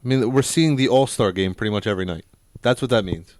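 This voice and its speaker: A man co-hosting a sports podcast, opinionated and jokey, quick to argue a point. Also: on the low side, darkish tone, dry recording, clean studio sound. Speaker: podcast co-host. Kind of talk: casual sports chat.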